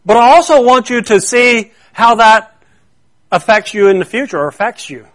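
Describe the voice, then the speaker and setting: Earnest high-voiced male preacher. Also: normal speed, a bit bright. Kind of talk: sermon.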